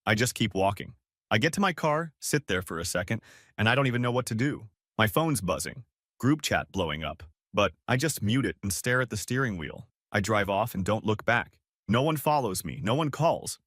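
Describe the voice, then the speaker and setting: A man in his thirties tells a forum story aloud in a casual, confessional way. His pitch rises and falls a lot as he goes. The sound is close and dry, with no room echo. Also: big pitch swings, normal speed, fairly bright tone. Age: 30s. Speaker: story narrator. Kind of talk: reading a forum post aloud.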